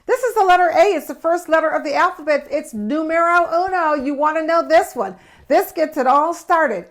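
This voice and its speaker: An older woman hosts a children's alphabet lesson with a bubbly, exaggerated, sing-song delivery. Her voice is high for a woman. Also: moderate pace. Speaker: host, children's teacher.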